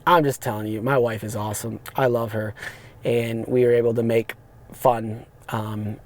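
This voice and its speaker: A man, hosting a podcast and telling rambling, animated stories about his rideshare driving. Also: mid-range voice, normal speed. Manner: animated, rambling, frequent restarts and fillers. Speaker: podcast host, rideshare driver. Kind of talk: casual storytelling monologue. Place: parked car.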